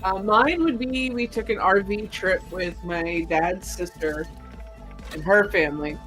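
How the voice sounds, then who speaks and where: A woman's voice: medium pitch, a little slow, a bit bright, soft background music, low-quality recording. A woman co-host in casual chat who tells stories, swears and laughs easily. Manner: laughing, profane storyteller.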